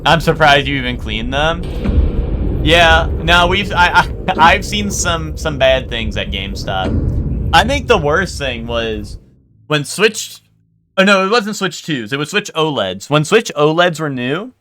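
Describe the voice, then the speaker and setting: A man's voice: fairly high pitch, animated, a little slow, background noise. A young man streaming live, telling stories in a loose, rambling way full of fillers and swearing, and talking straight to his chat.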